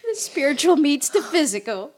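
A woman's voice: high voice, sing-song, moderate pace. A woman co-hosting a podcast, chiming in with short reactions in casual chat. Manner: reactive interjections. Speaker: podcast co-host.

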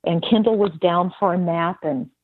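A woman's voice: fairly low pitch, normal speed, no echo. A woman sharing a spoken testimony as a guest, telling her story vividly and acting out the voices of the people in it. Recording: dry tinny phone-like line.

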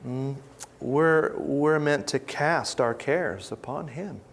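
A man giving an informal Bible teaching, conversational and reflective, with pauses and restarts as he reads verses aloud. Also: medium pitch. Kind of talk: informal teaching talk with scripture readings.

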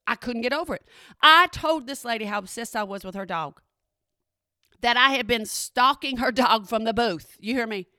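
A middle-aged woman telling a story in a chatty, animated way and often checking in with her listeners. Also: a little high, normal speed, no echo, clean studio sound. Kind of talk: casual spoken storytelling.

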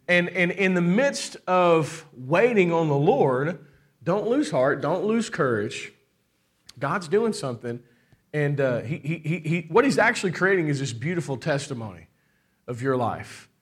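A middle-aged man, a pastor, preaching a lively sermon and calling out to the congregation for amens. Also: on the high side, measured pace. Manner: preaching with call-and-response and laughter.

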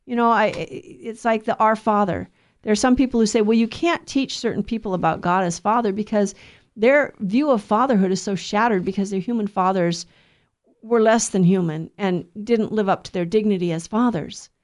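A woman's voice: mid-range voice, moderate pace, darkish tone. A middle-aged woman giving an earnest, conversational religious talk, preaching with occasional restarts. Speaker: Catholic speaker.

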